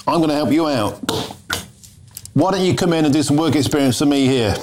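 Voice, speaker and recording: Brief: British male TV news host, quick, emphatic, friendly with guests. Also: on the high side, a little mellow, slight background noise. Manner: emphatic, repeats words, matey. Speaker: news channel presenter. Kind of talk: live studio interview.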